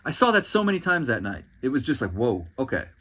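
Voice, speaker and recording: A man's voice: fairly high pitch, big pitch swings, quick pace, bright, forceful tone. A man hosting a podcast, delivering a solo commentary monologue in an exasperated, ranting and sarcastic way. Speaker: podcast host.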